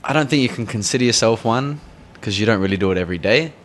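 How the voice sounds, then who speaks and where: An easygoing Australian man in his thirties with a very low voice, chatting on a podcast. His manner is modest and relaxed. There is a faint hiss of noise behind him. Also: fast. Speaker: guest co-host. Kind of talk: casual podcast chat.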